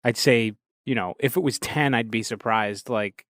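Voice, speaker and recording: A man's voice: mid-range voice, normal speed, fairly bright tone, no echo. Casual man on a dry mic. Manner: casual, hesitant with fillers. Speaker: podcast co-host. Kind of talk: casual podcast chat.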